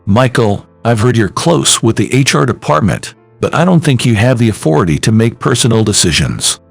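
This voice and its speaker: A man voicing a dignified male company president who speaks in a low, cold, firm voice. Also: lively intonation, a little fast, gravelly, faint music behind. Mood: cold stern.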